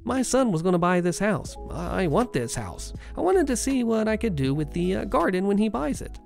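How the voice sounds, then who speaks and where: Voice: medium pitch, sing-song, normal speed, vocal fry, darkish tone, faint music behind. A storyteller voicing a pushy, entitled middle-aged woman trespasser who talks in a brazen, insistent way.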